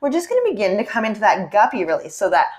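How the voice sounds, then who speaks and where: Gentle encouraging woman yoga instructor. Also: mid-range voice, sing-song, fast talker. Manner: gentle, encouraging, asks many check-in questions. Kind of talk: guided yoga class instruction.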